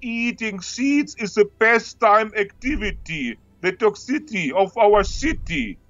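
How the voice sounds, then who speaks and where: An actor playing a goofy young Russian would-be rapper calling in, speaking in a Russian accent with broken grammar. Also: male voice, high voice, animated, a little slow, fairly bright tone, no echo, highs cut off, soft background music. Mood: earnest. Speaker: caller.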